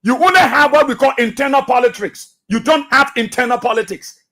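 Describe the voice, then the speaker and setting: In a radio studio, a man with a Liberian English accent hosts a talk show, giving an emphatic commentary monologue full of repeated phrases and rhetorical questions. His voice is very high-pitched, brisk, bright, and forceful.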